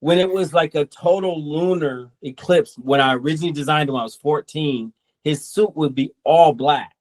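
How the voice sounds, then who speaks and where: A man's voice: a little high, normal speed. A man who created a comic book, talking casually in an interview and acting out what people say as he goes. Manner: relaxed, rambling, quotes people in asides.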